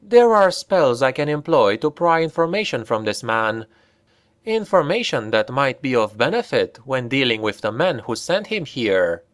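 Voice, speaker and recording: A man voicing a cunning elf enchantress woman in an audiobook, speaking in a soft, measured, melodious way. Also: medium pitch, sing-song, close to an everyday voice. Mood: silken.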